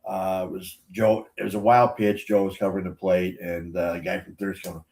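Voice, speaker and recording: An older man reminisces as a guest in a relaxed chat. His talk is halting, full of restarts and fillers, and often drops quiet at the ends of lines. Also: low voice. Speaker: guest, former umpire. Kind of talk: casual storytelling chat.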